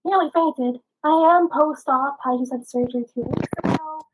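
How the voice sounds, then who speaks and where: A young woman with a slightly rough voice, giving a frustrated, earnest consumer testimonial in answer to questions. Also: high voice, moderate pace, slight background noise, poor audio. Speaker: customer giving a review.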